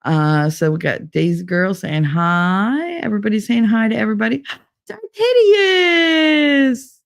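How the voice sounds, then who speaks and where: A woman's voice: on the low side, moderate pace, gravelly. A middle-aged woman chatting casually on a live stream, rambling with laughs and fillers from a room with bare walls. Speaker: live streamer reading chat. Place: sparsely furnished room with bare walls and no curtains.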